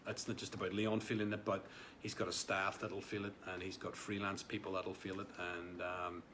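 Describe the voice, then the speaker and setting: A man's voice: deep voice, flat delivery, normal speed, background noise. A man hosting a casual live stream, reading out viewer comments in a rambling way, with many fillers and repeated words. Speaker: livestream host.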